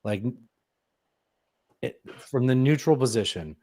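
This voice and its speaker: A man's voice: medium pitch, lively intonation, measured pace, dark tone. A man co-hosting a casual debate podcast, blunt and sarcastic, often talking over his partner. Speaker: podcast co-host.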